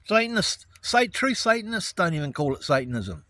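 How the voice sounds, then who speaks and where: A man's voice: sits high, big pitch swings, brisk, pushed and bright, no echo. A man, ranting in an angry, profane monologue about righteous indignation. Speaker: vlogger.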